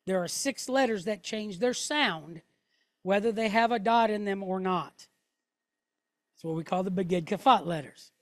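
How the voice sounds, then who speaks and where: A woman's voice: mid-range voice, a little slow, dry recording. A woman teaching a class, explaining step by step with patience and often checking in with "right?" and "okay?". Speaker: Hebrew teacher.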